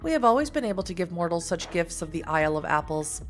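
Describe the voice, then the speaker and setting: A woman's voice: fairly low pitch, sing-song, fast, soft background music. A woman voicing an ancient, disdainful fairy woman who speaks in a formal, haughty way. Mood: lofty.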